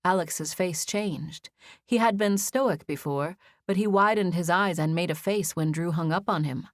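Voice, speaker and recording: A woman reading a first-person novel as an audiobook narrator, in an even, measured storytelling style, on a close studio mic. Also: lowish voice, dry recording.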